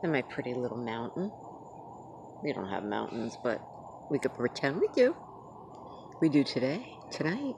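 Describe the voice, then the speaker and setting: A woman vlogging casually outdoors at night, chatting in a rambling, sometimes hushed way. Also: a bass voice, sing-song, moderate pace, background noise. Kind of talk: casual chat.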